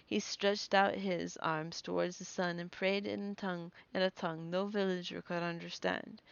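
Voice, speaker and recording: A woman's voice: medium pitch, vocal fry, dry recording, lo-fi sound. A young woman reading a story aloud on a live stream, stumbling over names and breaking off to react and laugh.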